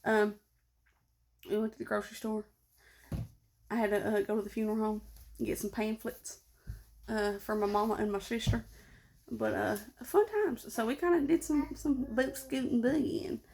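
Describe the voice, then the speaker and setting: A woman's voice: on the high side, fairly even intonation, moderate pace, vocal fry, pauses often, a little mellow. A tired young woman, chatting casually and rambling to her vlog audience. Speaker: vlogger.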